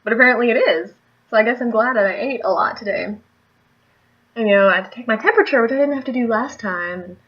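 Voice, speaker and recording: A woman's voice: on the high side, fast talker, highs cut off. A young adult woman telling a story in a casual vlog, chatty and rambling, often laughing. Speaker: vlogger.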